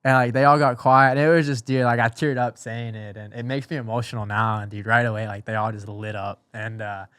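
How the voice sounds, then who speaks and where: A man in his twenties, a podcast guest, telling a story in an animated, rambling way full of slang. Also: medium pitch, a little fast, few pauses, clean tone, no echo, studio quality. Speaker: podcast guest, motocross racer. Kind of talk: casual storytelling.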